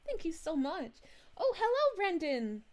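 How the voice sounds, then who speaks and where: A sweet, bubbly space princess, voiced by a woman chats with her stream viewers in a high, soft voice. Her lines rise and fall in a lively sing-song and are full of little giggles. The tone stays gentle and friendly throughout. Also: a little slow, exaggerated voice. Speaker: VTuber streamer reading chat. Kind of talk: live-stream chat in character.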